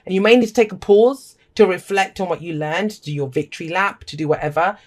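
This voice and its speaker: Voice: mid-range voice, fast. A tarot reader giving a casual, emphatic reading to camera, talking straight to viewers with blunt language and pep-talk encouragement. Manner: blunt and emphatic, swears freely.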